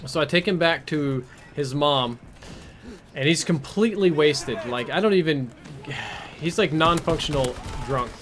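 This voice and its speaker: A man's voice: fairly high pitch, measured pace, fairly bright tone. A male game streamer casually telling a rambling, crude, self-mocking story while he plays, on a headset mic.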